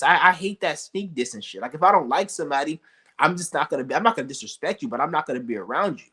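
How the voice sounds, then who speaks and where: A man's voice: a little high, animated, quick pace, pushed and bright, husky. A man ranting casually to camera as a YouTuber, blunt and profane, often restarting his sentences.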